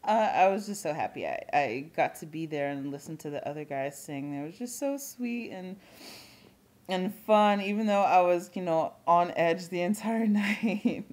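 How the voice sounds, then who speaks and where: A young woman vlogging in casual chat, talking quickly with lots of fillers and frequent laughs. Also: on the low side, lively intonation, darkish tone.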